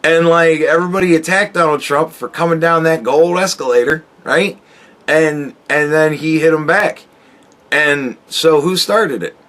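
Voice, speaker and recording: A man's voice: a little high, unhurried, a bit bright. Profane sarcastic man in his forties. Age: 40s. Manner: profane, sarcastic, talks straight to the viewer. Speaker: YouTube commentator. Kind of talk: ranting political commentary.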